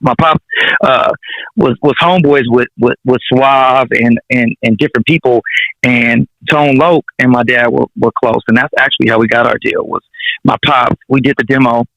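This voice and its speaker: Laid-back Los rapper telling stories. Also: male voice, medium pitch, fairly even intonation, normal speed, a bit bright, no echo. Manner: laid-back, slangy and profane, chuckling through anecdotes. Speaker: rapper guest. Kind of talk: casual storytelling interview. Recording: dull, dry sound.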